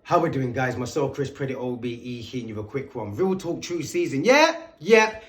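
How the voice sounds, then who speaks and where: A man's voice: mid-range voice, big pitch swings, a little fast, faint music behind. A man giving an emphatic, lecturing vlog commentary, full of rhetorical questions aimed at his viewers. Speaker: commentary video host.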